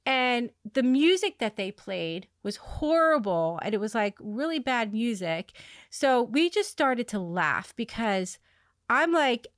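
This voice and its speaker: A woman hosting a podcast, telling a long story in a rambling way, with many fillers and restarts, laughing at her own dark humor. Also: fairly high pitch, very animated, slow pace, dry recording, clean studio sound. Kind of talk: casual conversational storytelling.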